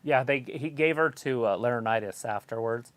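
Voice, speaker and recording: Very deep-voiced, opinionated co-host. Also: female voice. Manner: opinionated, quick asides, stumbling restarts. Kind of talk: casual live-stream chat.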